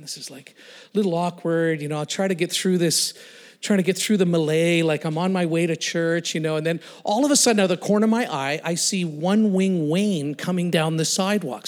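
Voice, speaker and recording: A male guest speaker telling a personal story in a sermon, animated, laughing and acting out the voices of the people in it. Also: on the high side. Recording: long reverb of a large hall.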